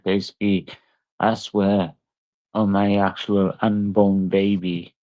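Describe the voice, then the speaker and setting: Drunk man, streamer, rambling profane rant, lowish voice. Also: mellow, dry recording, poor audio. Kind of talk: angry livestream rant.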